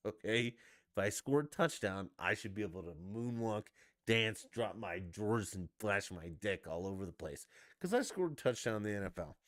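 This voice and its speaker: A man's voice: lowish voice, animated, moderate pace, a bit bright, no room sound, clean studio sound. A man on a live stream, ranting heatedly with heavy profanity about his sports team. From Denver.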